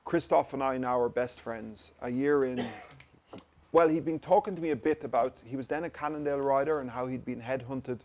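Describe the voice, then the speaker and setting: A man's voice: medium pitch, normal speed, darkish tone. An Irish man, an interview guest, telling stories in a casual chat and acting out the dialogue he quotes. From Ireland. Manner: anecdotal, acts out quoted dialogue. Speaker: interview guest, company director.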